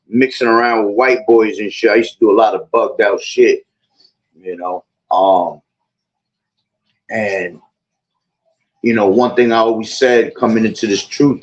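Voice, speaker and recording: धीमे-भारी सुर वाला आदमी, जो बार-बार रुककर और भराव-शब्दों के साथ बातचीत में अपनी बात कहता है; आवाज़ धुँधली और लो-फ़ाई रिकॉर्डिंग में है।. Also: male voice, on the low side. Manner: rambling, with many fillers and repeated asides. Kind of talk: casual chat, preaching-tinged commentary. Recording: dull lo-fi audio.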